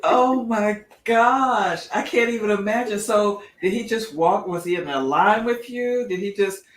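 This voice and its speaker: A woman's voice: mid-range voice, a little slow. A middle-aged woman co-hosting a casual chat, reacting with sympathy and asking many questions. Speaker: podcast co-host. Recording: echoey room.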